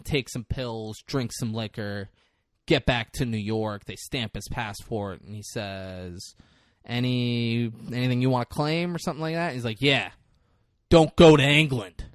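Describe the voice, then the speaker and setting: A man's voice: mid-range voice, measured pace, dry recording, clean studio sound. A man co-hosting a podcast, recapping a film in casual chat and acting out the characters' lines with swearing. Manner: animated retelling with acted-out quotes, swearing. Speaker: podcast co-host.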